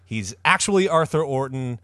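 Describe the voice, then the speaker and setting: A man's voice: medium pitch, lively intonation, moderate pace, bright, forceful tone, dry recording, studio quality. A man hosting a comedy podcast, retelling a story with mock-dramatic flair. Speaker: podcast host.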